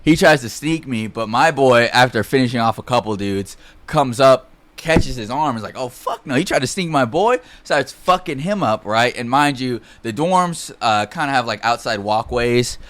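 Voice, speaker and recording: A man's voice: mid-range voice, lively intonation, normal speed, few pauses, fairly bright tone. A young man telling a casual, rambling story on a podcast, full of fillers and swearing. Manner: rambling, heavy fillers and profanity.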